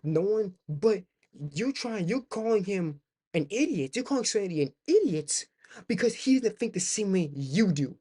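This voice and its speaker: A man's voice: sits high, animated, moderate pace, mellow, husky. A young man streaming a reaction video, ranting and swearing, often repeating himself. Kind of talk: livestream reaction commentary.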